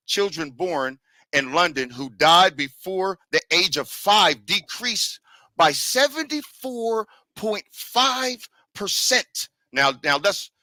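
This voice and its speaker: A man's voice: on the high side, bright, forceful tone, dry recording, rough recording. A man making an emphatic, lecturing case in an online debate and talking over others. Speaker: debater presenting a historical argument.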